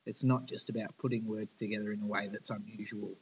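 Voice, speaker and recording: A man's voice: fairly low pitch, flat delivery, quick pace, a little hiss or hum, poor audio. Male teacher, informal lesson delivery, casual and candid with students. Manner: casual, chatty and frank.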